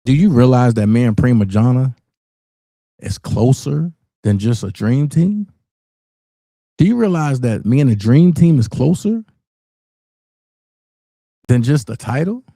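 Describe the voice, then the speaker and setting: A man's voice: mid-range voice, animated, unhurried, pauses often, mellow, no echo, studio quality. A man hosting a live call-in stream, talking in a brash, taunting, profane way. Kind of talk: casual live call-in talk.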